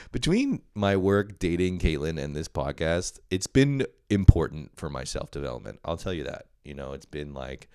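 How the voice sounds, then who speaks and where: A man's voice: very deep voice, expressive, normal speed, mellow, clean tone, no echo, clean studio sound. A young man hosting a podcast, talking in a rambling, profane, self-deprecating way and often laughing. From Canada. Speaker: podcast host. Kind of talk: casual solo podcast monologue.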